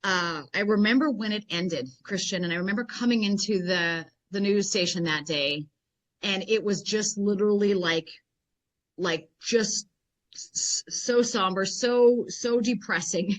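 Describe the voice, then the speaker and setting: A woman's voice: medium pitch, a little slow. Chatty woman guest telling stories. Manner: rambling, animated, many "I mean" and "like" fillers. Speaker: interview guest, health and fitness professional. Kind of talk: casual interview storytelling.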